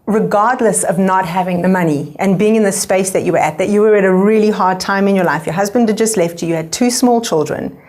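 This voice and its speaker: A woman's voice: medium pitch, brisk, few pauses, darkish tone. A woman hosting an interview, enthusiastic, summing up her guest's points. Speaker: interview host. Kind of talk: conversational interview.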